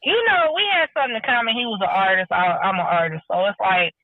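A woman telling stories in a casual chat, animated and acting out what people said. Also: medium pitch, fast, no echo. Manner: animated storytelling, acting out quotes. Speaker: podcast guest. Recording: tinny phone line, dry.

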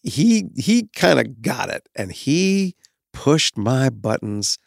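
A man's voice: mid-range voice, big pitch swings, slow pace, vocal fry, dry recording, clean studio sound. A man in his fifties talking as a guest, telling candid stories in a reflective, frank way and swearing now and then. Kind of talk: candid conversational storytelling.

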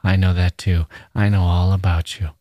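Low, dry-voiced man playing a creepy young man, soft and coaxing, drawling. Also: level tone, moderate pace, no echo, lightly acted. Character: menacing smooth-talking young man, coaxing.

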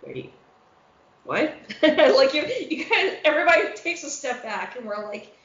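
Animated woman in an echoey room. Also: high voice, moderate pace. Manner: animated storyteller, acts out voices, curses freely. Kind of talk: casual chat. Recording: roomy echo, dull lo-fi sound.

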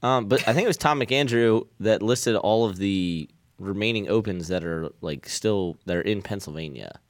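A man's voice: on the low side, moderate pace, no echo, studio quality. A man co-hosting a casual talk show, rambling and filling his talk with 'like'. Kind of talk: casual chat.

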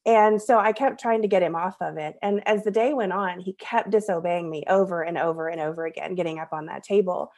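A woman's voice: on the low side, a little fast, hardly any pauses, a little mellow. A woman in her thirties, a podcast guest, telling a personal story in an earnest, conversational way and laughing at herself now and then.

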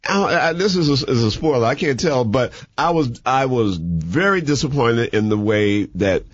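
A man chatting casually as a movie reviewer, rambling and animated, with many restarts and fillers. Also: medium pitch, moderate pace, no room sound, lo-fi sound. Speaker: movie reviewer on a talk show. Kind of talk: casual chat.

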